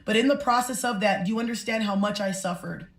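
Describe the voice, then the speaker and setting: A woman's voice: mid-range voice, quick pace. A woman giving an impassioned, indignant monologue to her viewers. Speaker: social media commenter. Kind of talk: emotional monologue. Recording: roomy echo.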